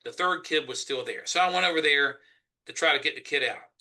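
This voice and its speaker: A man's voice: on the high side, fairly quick, vocal fry. A man with a Southern US accent, speaking emphatically as a Senate candidate in a political interview. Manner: emphatic, forceful argument.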